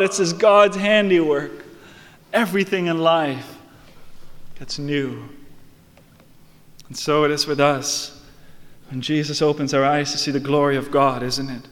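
A man preaching an earnest sermon, dropping to hushed, quiet lines and rising into excited, louder storytelling. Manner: earnest, swings from hushed lows to excited highs. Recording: long hall reverb.

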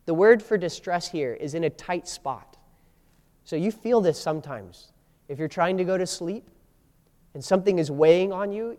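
A man delivers a sermon in a fairly high voice, and his words ring with the long reverb of a large hall. He moves between plain teaching and dramatic readings of quoted lines. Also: a little mellow. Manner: acts out biblical quotes with shifting voices and emphasis. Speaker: pastor.

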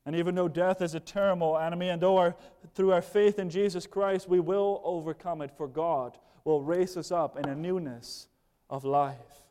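A man preaching a sermon as pastor, earnestly moving between hushed and raised passages. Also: sits high, steady tone, moderate pace, smooth. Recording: long reverb of a large hall.

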